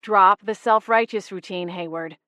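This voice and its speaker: A woman voicing an exasperated young woman florist who scolds in a firm, sharp-tongued way. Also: a little high, expressive, moderate pace, no echo, clean studio sound, voice pushed up.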